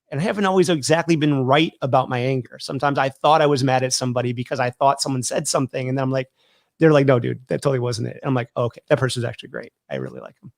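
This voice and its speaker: A man's voice: fairly high pitch, no room sound, clean studio sound. A man who works as a therapist and hosts a casual discussion, explaining his ideas thoughtfully and often restarting his sentences. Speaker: therapist and podcast host.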